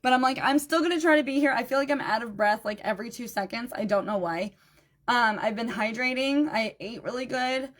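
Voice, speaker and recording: A tired, low-energy woman chatting through a live-stream jewelry sale, greeting viewers by name and repeating item numbers. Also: brisk, a bit bright. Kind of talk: live-stream sales chat.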